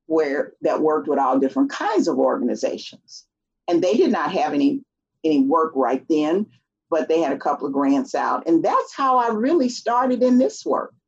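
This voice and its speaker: A middle-aged woman tells a story in a relaxed interview and slips into the voices of the people she quotes. Her voice is a little husky, and the recording sounds dull and lo-fi. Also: low-pitched. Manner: animated, acts out quoted voices. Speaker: guest.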